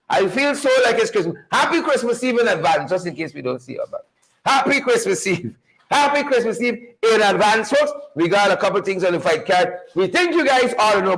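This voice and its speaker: Guyanese male host, high-pitched and very animated, calls out viewers one by one. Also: low-quality recording. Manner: animated, playful, repeats phrases for emphasis. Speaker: livestream show host. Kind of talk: lively livestream welcome, greeting viewers by name.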